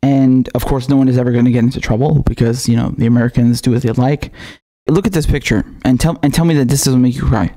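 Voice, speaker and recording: A man with a medium-pitched, mellow voice and a steady tone speaks quickly as he hosts a political commentary show. In this heated video commentary he rants angrily, swears heavily, and often stammers and starts over.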